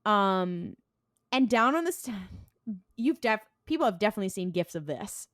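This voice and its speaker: A woman's voice: mid-range voice, moderate pace, no echo, clean studio sound. A young woman co-hosting a podcast, casually recapping an episode and acting out the characters' lines with lots of laughter. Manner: animated retelling, voices characters, laughs often. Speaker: podcast co-host. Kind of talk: casual recap with acted quotes.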